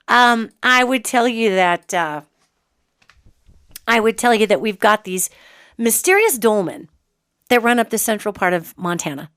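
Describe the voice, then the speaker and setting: A woman's voice: medium pitch, expressive, a little slow, a bit bright, no room sound, studio quality. A woman from the United States hosting a show, talking in a chatty, emphatic monologue with sarcastic asides. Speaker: host and psychic. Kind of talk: casual monologue.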